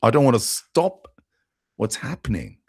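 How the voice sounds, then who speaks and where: A man's voice: medium pitch, sing-song, unhurried, husky, pitched above the performer's own voice. A man voicing a distraught, pleading mother in a story, repeating herself anxiously. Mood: upset, pleading. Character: distraught middle-aged mother, tearful and pleading.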